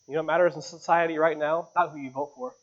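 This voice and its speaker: A man delivers an earnest sermon in a church, his voice sitting a little high for a man. He swings up in pitch and volume to drive home his key points. The recording sounds dull and lo-fi. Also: steady tone, quick pace. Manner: earnest preaching, pitch and volume rising on emphatic lines. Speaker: pastor.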